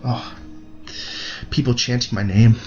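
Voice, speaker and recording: A man's voice: mid-range voice, steady tone, a little slow, a little mellow, highs cut off, soft background music, close to an everyday voice. A man voicing a terrified young male soldier writing his diary in a creepypasta reading, stammering and dropping into whispers. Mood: excited. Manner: stammering, panicked, breaking into whispers.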